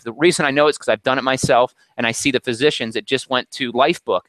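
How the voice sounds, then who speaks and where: A man presents a motivational talk over a video call, his voice bright and cutting. He speaks with a preacher's energy, scattering fillers as he pushes his point. The sound is dry and close. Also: medium pitch, steady tone, quick pace, few pauses, no room sound.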